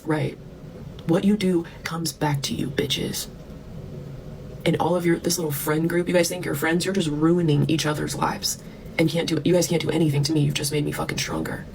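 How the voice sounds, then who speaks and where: A woman's voice: low voice, flat delivery, quick pace, vocal fry, darkish tone, a little hiss or hum, rough recording. A woman vlogger delivering a heated, profane rant to camera, breaking into scornful laughs. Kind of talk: ranting monologue to camera.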